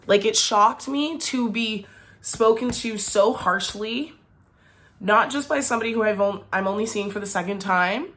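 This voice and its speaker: A woman's voice: mid-range voice, moderate pace, a bit bright. A young woman vlogger telling a storytime tale, chatty and indignant, full of "like". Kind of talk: storytime vlog.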